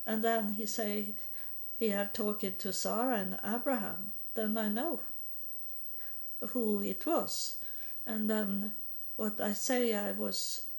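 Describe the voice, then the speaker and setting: A woman from Sweden, giving a halting personal testimony in English and often repeating words. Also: medium pitch, creaky, darkish tone. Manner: halting, repeats words, non-native grammar.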